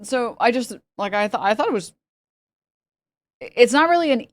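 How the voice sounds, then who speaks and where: A woman's voice: medium pitch, no room sound. A woman streamer talking casually and rambling, with lots of fillers and frequent laughs. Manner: chatty and rambling, filler-heavy, laughs often. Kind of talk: casual live-stream chat.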